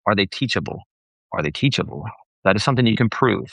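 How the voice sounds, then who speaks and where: A man with a fairly low, gravelly voice talks to church leaders on a live stream. He is blunt and sarcastic and wanders off on tangents, correcting himself mid-sentence. The sound is dry and close. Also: animated, fast talker, a bit bright, dry recording. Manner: rambling, with self-corrections.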